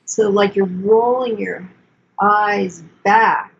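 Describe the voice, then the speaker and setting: An older woman therapist explaining self-compassion in a calm, soothing conversational way, repeating key phrases. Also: medium pitch, slow, vocal fry, highs cut off, slight background noise. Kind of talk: conversational teaching.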